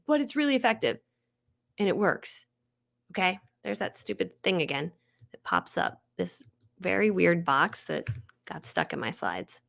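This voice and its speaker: Fast-talking, excitable woman marketing trainer. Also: on the high side. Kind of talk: live webinar training.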